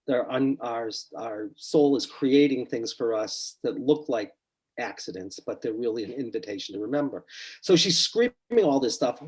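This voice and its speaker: A middle-aged man with a husky, slightly breathy voice tells a long story from his therapy practice in the course of a podcast conversation. His pitch sits in a mid range. He throws himself into the quoted lines, acting them out with growing intensity. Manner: animated, acts out quotes with rising intensity. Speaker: psychotherapist guest.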